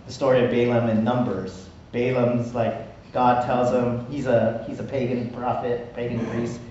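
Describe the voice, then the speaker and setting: A pastor preaches a conversational sermon in a warm, level, medium-pitched voice at a moderate pace, often checking in with "right?". He is recorded from far off in an echoey church hall, with dull sound and slight background noise.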